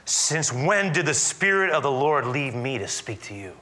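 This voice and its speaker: A preacher doing an indignant false prophet. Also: male voice, mid-range voice, big pitch swings, moderate pace, bright, forceful tone.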